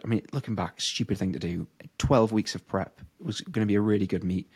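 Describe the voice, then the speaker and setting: A man's voice: on the low side, fast talker, gravelly, hardly any pauses, darkish tone, husky. A young man co-hosting a casual podcast chat, telling stories with lots of fillers and laughs. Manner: chatty storytelling, frequent "like" fillers and laughs. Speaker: podcast co-host, powerlifter.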